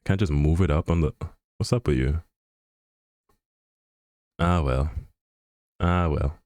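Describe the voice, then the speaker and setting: A man's voice: very deep voice, slow pace, a little mellow, no echo, studio quality. A man chatting on a live stream in a rambling, joking way, full of fillers and restarts, often laughing. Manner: laughs often while talking. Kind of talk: casual chat on a live stream.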